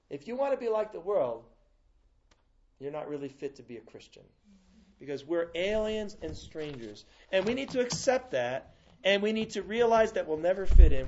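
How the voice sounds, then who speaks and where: A man's voice: high-pitched, muffled recording. Man preaching with restless, swinging delivery. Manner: storytelling with frequent restarts and a wide swing in loudness. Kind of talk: sermon.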